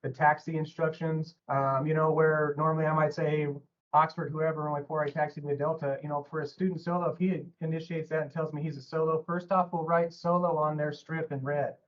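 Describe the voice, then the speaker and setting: An air traffic controller, a man, explains his work in a relaxed, conversational way. His voice is a little high and the sound is dull and lo-fi. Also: fairly quick, few pauses. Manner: easygoing, conversational, with fillers. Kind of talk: casual interview answers.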